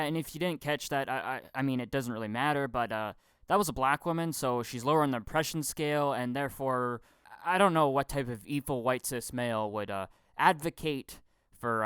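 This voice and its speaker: Recorded dry with clean studio quality, this young vlogger's mid-range voice is a bit bright. His casual rant about film acting is full of swearing, stammering, repetition and mocking impressions.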